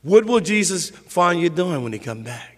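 A man preaching a sermon as pastor, conversational and lively, acting out little scenes for his listeners. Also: sits high, moderate pace, in a large hall.

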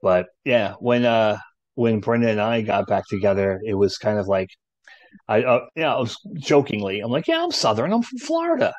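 An easygoing man talking casually with a friend, explaining things one step at a time. His voice is mid-pitched. The recording is dry and close, with no room sound. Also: normal speed, dry recording. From New Jersey. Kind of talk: casual chat.

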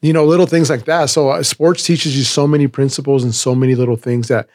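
A man's voice: medium pitch, fairly even intonation, quick pace, a little mellow, no room sound. Middle-aged man, loose rambling storyteller, dry close mic. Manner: rambling, restarts a lot. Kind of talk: casual chat.

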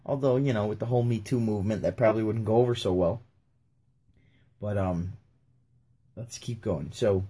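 A young man hosting a video, reading scripture aloud and breaking off into chatty, laid-back asides that often trail off quietly. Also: on the low side, expressive, fairly quick, breathy edge. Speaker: video host. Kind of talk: casual scripture reading with commentary.

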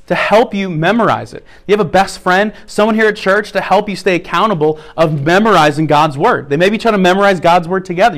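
A male pastor giving a sermon, explaining practical steps and repeating key phrases as he teaches. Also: high-pitched.

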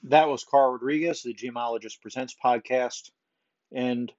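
A man's voice: mid-range voice, steady tone, normal speed, a little mellow. A man hosting a podcast, chatting casually and self-deprecatingly, with lots of ums. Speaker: podcast host. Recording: dull lo-fi recording.

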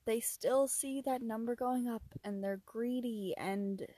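A young woman hosting a casual solo podcast, rambling softly, laughing often and sometimes dropping to a whisper. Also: a little high, a little slow, no room sound. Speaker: podcast host.

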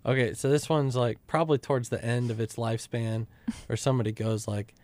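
Mellow-voiced young man joking around. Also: medium pitch, steady tone, a little fast, dry recording. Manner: joking, playful asides. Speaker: co-host. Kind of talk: casual podcast chat. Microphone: studio microphone with pop filter.

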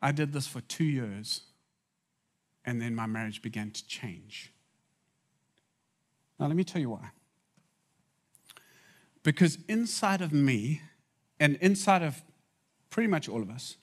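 A man's voice: medium pitch, expressive, slow pace, pauses often. A man preaching a sermon in a conversational way, making asides to the audience.

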